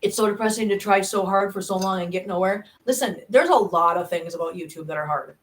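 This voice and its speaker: A woman's voice: mid-range voice, fairly quick. A middle-aged woman hosting a casual live stream, chatting loosely with viewers, restarting sentences and laughing at herself. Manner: chatty, rambling, frequent restarts and self-laughs; reads viewer chat aloud. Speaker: YouTube cat channel host.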